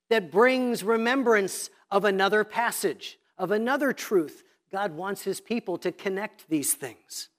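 A man preaching in a church, walking the congregation step by step through marking up a Bible passage. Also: high voice. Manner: instructive, walking listeners step by step through a text. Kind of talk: sermon teaching Bible study method. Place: church sanctuary.

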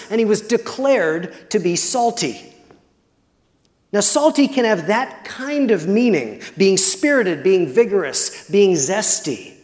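A man preaching a sermon as pastor, measured and deliberate, sometimes putting questions to the congregation. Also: high-pitched. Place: church. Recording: long hall reverb.

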